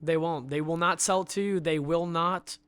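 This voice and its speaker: A man's voice: fairly high pitch, fairly even intonation, moderate pace, a bit bright, clear, resonant tone, no echo. A man telling an indignant story on a podcast, building up with bursts of laughter. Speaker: podcast guest. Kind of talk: animated storytelling rant.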